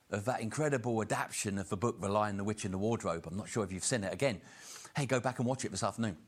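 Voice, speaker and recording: Earnest low-voiced male preacher. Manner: earnest, slows down for emphasis. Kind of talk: sermon.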